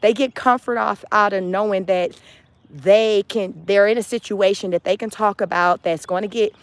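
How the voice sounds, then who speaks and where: A woman's voice: mid-range voice, fairly even intonation, moderate pace, no room sound. A woman hosting a casual motivational livestream, talking emphatically, repeating phrases and laughing often. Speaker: livestream host.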